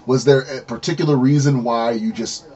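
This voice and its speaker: A man hosting a casual podcast interview, telling stories with lively acted-out quotes and frequent laughter. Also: medium pitch, normal speed, dull audio. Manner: animated storyteller, acts out quotes, laughs often. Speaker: podcast host.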